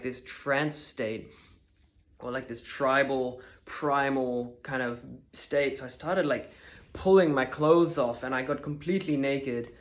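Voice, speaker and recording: A young man telling a personal story in a casual, confessional way, with many fillers. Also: medium pitch. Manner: earnest, confessional, many fillers like "you know" and "like". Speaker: vlogger.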